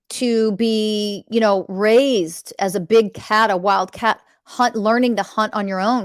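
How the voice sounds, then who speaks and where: A woman's voice: medium pitch, fairly even intonation, takes it slowly, hardly any pauses, no echo, studio quality. A woman hosting a spiritual coaching podcast, speaking in a blunt, emphatic monologue full of swearing and urgent pleas to her listeners.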